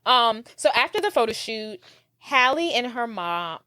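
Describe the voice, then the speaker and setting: A woman's voice: on the high side, big pitch swings, measured pace, pushed and bright, dry recording, clean studio sound. A young woman co-hosting a podcast, chatting casually about a movie and using lots of filler words. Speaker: podcast co-host. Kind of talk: casual chat recapping a movie.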